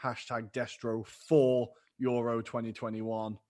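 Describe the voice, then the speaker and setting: A chatty man co-hosting a podcast, talking in a middle-pitched voice. He is upbeat and breaks into laughs as he rattles through the weekend's fixtures. It is relaxed, casual football chat into a podcast mic. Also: slow. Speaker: podcast co-host.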